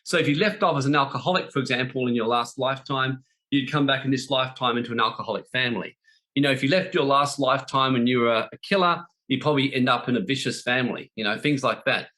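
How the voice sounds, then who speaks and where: A man's voice: medium pitch, fast, sharp tone. A man giving a spiritual talk, blunt and emphatic, often repeating phrases for stress. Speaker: spiritual teacher.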